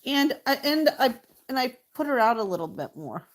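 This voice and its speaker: A woman's voice: sits high, very animated, normal speed. A middle-aged woman chatting casually while she paints live, talking to her painting and thanking viewers. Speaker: artist livestreaming.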